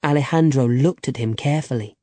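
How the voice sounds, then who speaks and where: A man narrating a simple graded reader in a slow, clear, deliberate way. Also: mid-range voice, dark tone, no room sound. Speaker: audiobook narrator.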